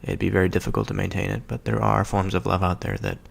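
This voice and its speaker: A man giving a slow, halting contemplative reflection on a scripture reading, pausing often and thinking aloud as he goes. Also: sits low, very animated, vocal fry. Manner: slow, halting, with many pauses and fillers. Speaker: solo speaker reflecting on scripture.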